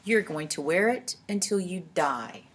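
A woman reading aloud and voicing a cold, sly ghost of a young woman who speaks softly and menacingly, with a husky voice. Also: animated, moderate pace. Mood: softly threatening. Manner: cool, then soft and low.

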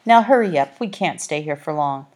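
This woman has a low-pitched, animated voice with a slightly mellow quality, moving at normal speed. She performs the storybook role of a talking orange tomcat guide, haughty and brusque, with dry, clipped condescension.

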